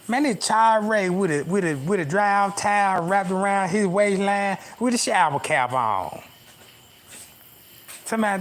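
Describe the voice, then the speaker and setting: A man's voice: high-pitched, normal speed, slight background noise. A man livestreaming from outdoors at night on a phone camera, telling a rambling comic story to his viewers in heavy slang and often asking if they know what he is talking about.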